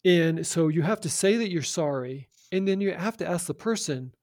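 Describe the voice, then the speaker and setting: A man's voice: a little high, expressive, normal speed, darkish tone, dry recording, clean studio sound. A man speaking earnestly about community and faith, often repeating words as he restarts. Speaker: guest. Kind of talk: conversational faith talk.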